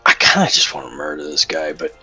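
A man's voice: extremely low pitch, big pitch swings, quick pace, vocal fry, music in the background, low-quality recording. A man playing in a casual tabletop game, joking around and swearing a lot. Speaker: player.

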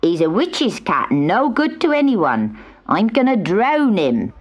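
A woman voicing an angry male farmer on a storybook tape, slow and stern. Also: mid-range voice, very animated.

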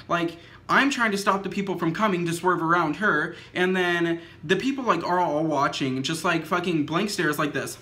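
A young man telling a storytime vlog in a casual, rambling way, filling every pause with "like" and swearing freely. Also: high-pitched, bright, forceful tone. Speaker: vlogger. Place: indoors at home, dim lighting.

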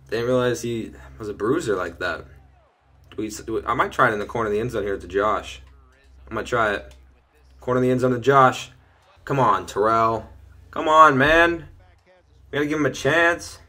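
Bright-voiced young man calling his game plays. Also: medium pitch. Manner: excitable, shouts and laughs at big plays. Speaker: gaming video host. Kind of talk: casual gameplay commentary. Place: bedroom at home.

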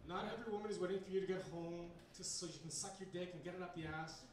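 A man does stand-up comedy with a rambling, hesitant delivery full of fillers, and his voice sits high for a man. He was recorded from far back in a bar, with heavy room echo and a faint hum of ambience. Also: fairly even intonation, racing. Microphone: handheld recorder in the audience.

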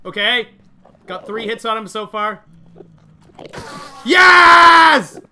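A man streaming a game live, nervously and excitedly talking to his chat as he plays. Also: high-pitched, normal speed, a little hiss or hum. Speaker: gaming livestreamer. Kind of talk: live gameplay commentary.

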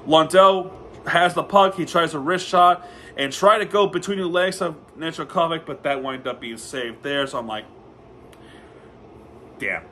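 A high-pitched man gives a casual play-by-play recap as a hockey fan, tripping over names and correcting himself as he goes. His voice is bright and forceful, with a faint hiss of noise behind it. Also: a little slow. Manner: excitable, stumbling, self-correcting fan commentary.

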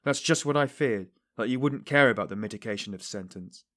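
An earnest middle-aged investigator, read by a man, presses and pleads with a suspect, fervent and preachy. The voice sits in a mid range and often lifts higher and louder as he urges. It is audiobook narration. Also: a little fast, lightly acted.

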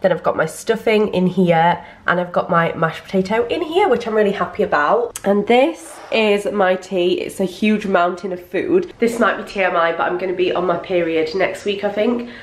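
A woman's voice: medium pitch, normal speed, hardly any pauses, echoey room. A young woman chatting casually to her camera in a rambling, giggly way. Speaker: vlogger. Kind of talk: casual vlog chat to camera.

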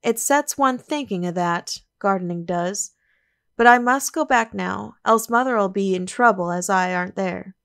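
A woman's voice: mid-range voice, unhurried, creaky, a bit bright, smooth. A woman plays a keen young country gardener, earnest and obliging, full of plain rustic talk. He is heard in an audiobook reading.

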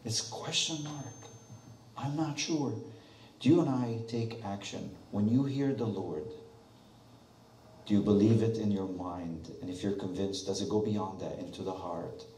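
A man with a low voice preaches a sermon, weaving a story into his message and firing rhetorical questions at his listeners. He is heard from a distant mic, and his voice rings through a roomy church with a faint hum of ambience behind it. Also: a little slow, mellow. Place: church sanctuary.

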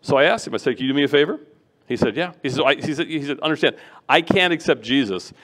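A middle-aged man preaches as a guest speaker, his voice sitting a little high for a man. He talks in an animated way, acting out the people in his stories. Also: very fast. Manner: animated, acts out voices of children and people he quotes. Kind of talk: sermon.

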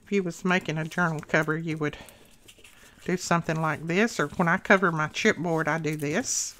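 Her voice is low-pitched and a bit bright, with fairly even intonation and normal speed. She hosts a craft channel, keeping up a chatty stream of talk to viewers during a casual tutorial while a little out of breath.

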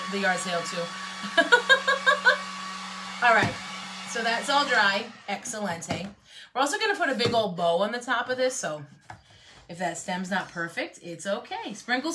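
A woman's voice: medium pitch, sharp tone, slight background noise. A young woman chatting casually with viewers while she teaches a painting project, rambling with lots of fillers. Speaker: craft painting instructor. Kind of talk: casual live painting tutorial.

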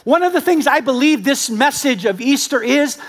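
A male pastor preaching a sermon in a conversational, animated storytelling manner, talking directly to his congregation. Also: very high-pitched, moderate pace. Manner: animated storytelling with acted-out quotes. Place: church service with a congregation.

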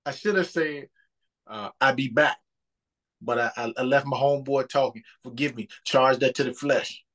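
A man leading a spoken prayer and chatting on a group call, fervent and repetitive, with filler pauses. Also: mid-range voice. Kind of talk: spoken prayer and casual chat. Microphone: group call audio.

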